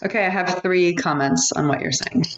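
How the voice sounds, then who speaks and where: A woman's voice: on the low side, moderate pace, slight background noise. A woman co-hosting a podcast, asking curious questions in casual chat. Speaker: podcast co-host. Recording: dull, roomy podcast audio.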